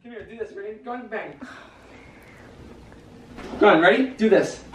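A man in a casual family vlog, explaining things calmly and matter-of-factly. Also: high voice, moderate pace, a little hiss or hum. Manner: calm, matter-of-fact explaining. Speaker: husband and dad. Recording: echoey room, off-mic.

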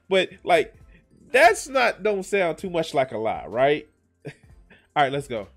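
Guy streamer reacting to a video, kinda high voice, swears a lot, trails off and restarts, faint music in the back. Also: sing-song, a little slow, fairly bright tone. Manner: rambling, swearing, joking, many restarts. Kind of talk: reaction commentary.

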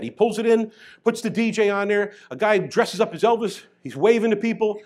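A middle-aged man, a chiropractor telling an animated story to an audience. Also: sits high, a little fast. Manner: animated, grows loud and excited as the story builds. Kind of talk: storytelling talk.

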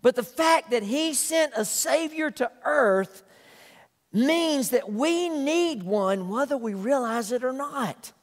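A man's voice: extremely high pitch, animated, takes it slowly, big-room sound. A man preaching a sermon as a pastor, earnest and emphatic, repeating phrases for weight. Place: church sanctuary.

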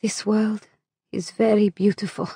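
Woman doing a soft, faltering alien woman. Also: medium pitch, level tone, measured pace, creaky, husky, dry recording, clean studio sound, full character voice. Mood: hushed. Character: troubled, tender alien woman in human form.

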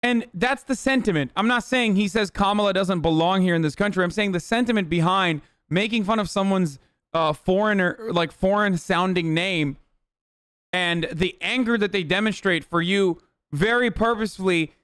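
A man's voice: sits high, normal speed, a bit bright, smooth, no echo, clean studio sound. Ranting, profane young male streamer. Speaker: streamer reacting to a political rally. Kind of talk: casual reaction commentary.

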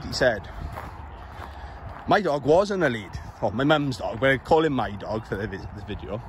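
A man's voice: medium pitch, expressive, moderate pace, slight background noise. A Welsh man telling a rambling, exasperated story as he walks his dog, swearing now and then. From Wales. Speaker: vlogger. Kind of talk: casual storytelling while walking. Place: outdoors on suburban streets. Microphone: handheld camera while walking.

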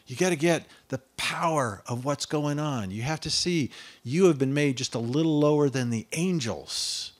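A man with a fairly high-pitched voice preaches a sermon at normal speed, reading scripture aloud. He pauses for conversational asides asking listeners whether they follow, and often rises to loud declamation on the quoted verses.

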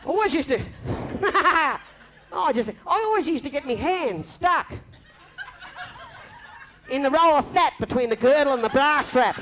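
An Australian man telling a long comic story on stage, lively and broad, slipping into mimicked voices. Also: very high voice, a little slow, long pauses, slight background noise. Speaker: comedian telling stories on stage. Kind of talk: live stand-up storytelling. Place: club stage before a live audience. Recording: faint crowd ambience from a live venue.

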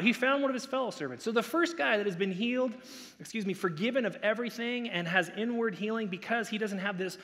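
A man's voice: sits high, pushed and bright, long reverb tail. A man preaching a sermon as pastor, conversational, with playful asides and acted-out quotes.

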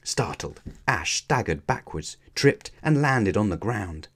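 Low-voiced man reading a storybook. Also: lively intonation, takes it slowly, slightly rough. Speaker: children's book reader.

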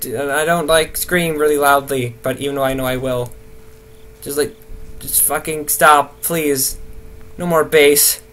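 A young man rambling nervously through horror game commentary, swearing and talking to himself to stay calm. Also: on the high side, measured pace, slight background noise. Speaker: gaming video host.

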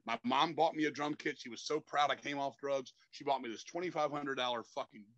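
A man's voice: medium pitch, a little fast, a bit bright, no room sound, muffled recording. A man in his fifties, a metal frontman, telling stories in a rambling, profane way and ending lines with "man". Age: 50s. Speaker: metal band frontman, guest. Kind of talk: casual interview storytelling.

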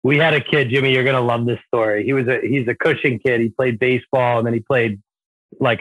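A man hosting a casual podcast interview, telling an anecdote in a relaxed way. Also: medium pitch, no room sound, low-quality recording. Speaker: podcast host.

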